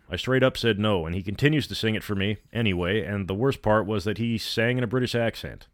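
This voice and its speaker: Male story reader, lowish voice, blunt and sarcastic in his asides, dead-dry sound. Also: fast talker, hardly any pauses, dry recording. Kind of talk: reading a story aloud with commentary.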